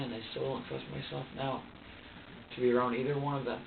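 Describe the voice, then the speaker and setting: A man being questioned as a suspect, telling his side in a halting, repetitive and distressed way. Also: mid-range voice, little pitch movement, creaky. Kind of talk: emotional account to investigators. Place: interrogation room. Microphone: far room microphone. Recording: distant, echoey, tinny surveillance recording with faint hiss.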